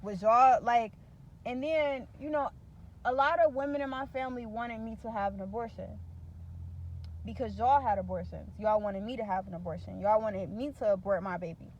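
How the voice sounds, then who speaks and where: A woman's voice: a little high, normal speed, highs cut off, a little hiss or hum. A young woman, venting bluntly and profanely to camera in a candid vlog. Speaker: vlogger.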